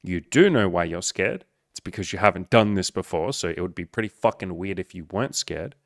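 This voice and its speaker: A man's voice: low-pitched, expressive, brisk, vocal fry, no room sound, clean studio sound. A man who coaches on dating, talking bluntly and emphatically with lots of swearing as he answers a viewer.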